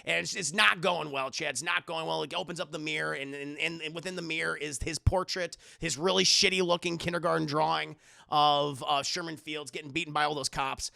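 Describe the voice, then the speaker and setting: Gravelly, high-voiced streamer recapping a film. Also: male voice, steady tone, fairly quick, pushed and bright, dry recording. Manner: profane, rambling, talks straight to chat. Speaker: film reviewer streaming live. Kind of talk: casual spoiler recap to a live chat.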